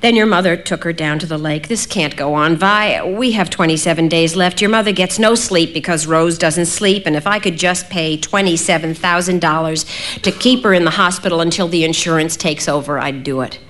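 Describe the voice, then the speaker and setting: A woman voicing a worried middle-aged father who speaks quietly and haltingly, apologizing as he goes. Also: fairly low pitch, lightly acted. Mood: weary.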